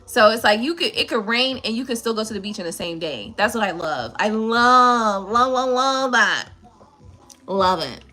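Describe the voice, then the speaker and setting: A woman's voice: mid-range voice, animated, fairly quick, few pauses, a bit bright, soft background music. A woman hosting a live stream who chats casually with viewers in a playful, laughing way and swears freely. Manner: chatty, laughing, profane and playful. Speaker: tarot reader and live stream host.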